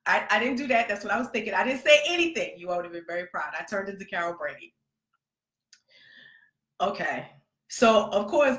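A woman in her thirties telling a lively personal story as a podcast host, acting out the people she quotes and laughing often. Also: medium pitch, normal speed, pauses often. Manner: animated, laughing, acts out quotes. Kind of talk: casual storytelling monologue. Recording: echoey room.

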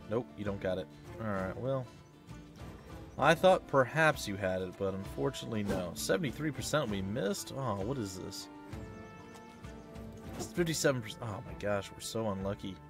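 A man hosting a let's play, giving chatty, excitable gameplay commentary that reacts loudly to hits and misses. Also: medium pitch.

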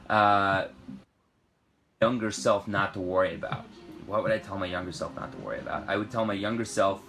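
A young man from Britain, an actor, reading fan questions aloud from his trailer and answering in a relaxed, rambling way. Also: low-pitched. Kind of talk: casual live-stream Q&A. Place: trailer on a film set.

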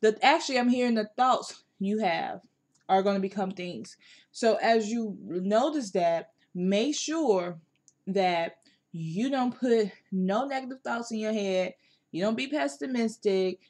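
A woman's voice: mid-range voice, a little slow, darkish tone. A woman with a Southern US country accent giving a casual tarot reading in an emphatic, repetitive, colloquial way. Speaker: tarot reader.

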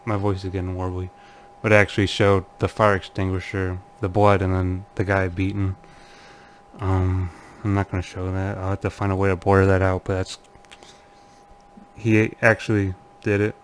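A man's voice: sits low, monotone, moderate pace, a little hiss or hum. A man casually commenting on forum posts he reads aloud, laughing nervously and muttering uneasily. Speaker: channel host.

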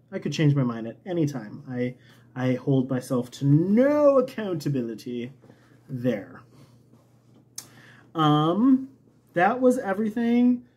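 A man's voice: medium pitch, mellow. A man hosting a knitting show, talking casually in a chatty, rambling, self-mocking way. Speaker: knitting podcast host. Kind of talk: casual chat.

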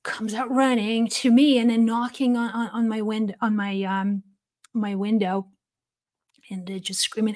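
A woman's voice: fairly high pitch, fairly even intonation, a little slow. A woman hosting a spiritual channel, telling a personal story in an earnest, heartfelt way. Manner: earnest, heartfelt, with soft laughs and restarts.

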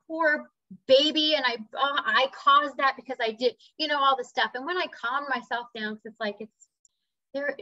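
A woman's voice: fairly high pitch, pushed and bright, no room sound. A woman sharing a personal story in a casual, earnest talk, now and then acting out voices and bird sounds. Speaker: spiritual speaker. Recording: slightly dull dry recording.

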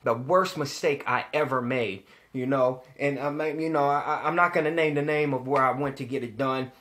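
A young man telling a story to the camera in a casual, animated way, swearing and repeating himself when he gets worked up. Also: medium pitch, normal speed.

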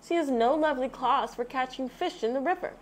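A woman's voice: high voice, a little fast, voice pushed up, close to an everyday voice. A woman voicing a fussy, proper mother bear in a storybook read-aloud. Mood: indignant.

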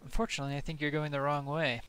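A man's voice: a little high, little pitch movement, very fast, fairly bright tone, clean tone, lightly acted. A man doing a blunt woman griffin keeper. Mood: wry. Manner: blunt, wry, hesitant with fillers. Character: tough woman griffin keeper, dry humor.

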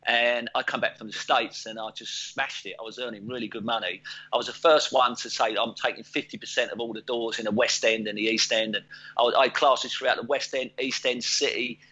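Man with a bright, forceful voice. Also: medium pitch, fairly even intonation, a little fast. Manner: jokey, laughs often, does voices in anecdotes. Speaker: guest. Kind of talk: casual storytelling. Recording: dull lo-fi audio.

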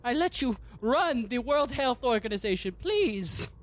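Shrill groveling sorcerer. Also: male voice, lively intonation, a little slow. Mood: begging. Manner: pleading in a high strained voice. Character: shrill panicky male tower sorcerer, groveling.

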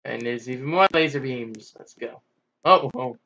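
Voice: medium pitch, normal speed, sharp tone, dull audio, slight background noise. A gamer giving playful, chatty commentary on a game, squealing and exclaiming while playing. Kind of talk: gameplay commentary.

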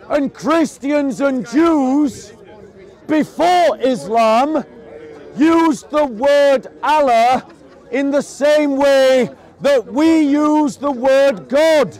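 A man preaching to a crowd in an open-air park, slow and emphatic, often raising his voice. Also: very high-pitched, a little mellow. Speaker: street preacher. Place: outdoor public park speaking spot. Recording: outdoors with a crowd murmuring.

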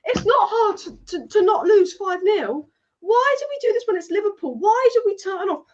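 A woman's voice: very high voice, animated, normal speed. A woman, a football fan on a live watchalong, exasperated and asking why again and again. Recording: dull lo-fi stream audio.

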